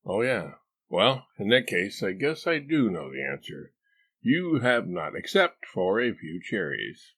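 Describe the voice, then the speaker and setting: A man's voice: on the low side, very animated, unhurried, a bit bright, heavily acted. A man voicing a boastful, bumbling man who puts on a Southern US drawl and talks in a pompous, chiding, folksy way. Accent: put-on Southern US drawl. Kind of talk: audiobook character voice.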